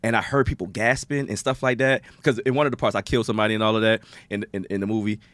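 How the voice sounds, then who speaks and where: A man from Jamaica talks quickly in a relaxed podcast chat, and his pitch swings wide when he acts out quotes. His voice is dry and close, with little room sound. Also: dry recording. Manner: animated storyteller, acts out quotes. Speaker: podcast guest, actor. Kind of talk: casual chat.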